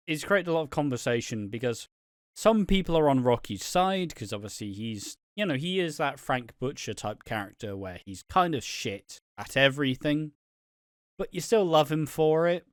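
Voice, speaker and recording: A man's voice: mid-range voice, dry recording. Young man, podcast co-host, swears a lot, acts out characters' lines, dry close sound. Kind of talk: casual recap chat.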